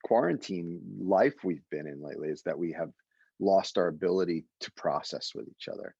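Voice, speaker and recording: A man guiding a meditation group over a lo-fi call, his voice gravelly and husky. He talks in an animated, emotional way, and his pitch rises and falls a great deal. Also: normal speed, no room sound. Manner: animated and emotional, with sudden high exclaimed quotes. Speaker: meditation teacher. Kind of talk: guided meditation session.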